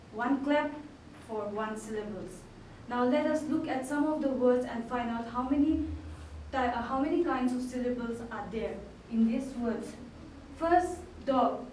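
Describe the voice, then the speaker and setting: A woman's voice: fairly high pitch, darkish tone, a little hiss or hum. Woman teacher, echoey room from far off. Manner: slow, clear, syllable-stressing delivery. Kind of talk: online class lesson.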